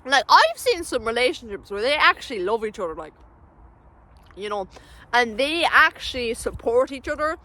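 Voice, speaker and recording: A woman's voice: on the high side, big pitch swings, moderate pace, bright, forceful tone, rough recording. A young woman, ranting bluntly and swearing constantly in a casual vlog from a parked car. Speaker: vlogger.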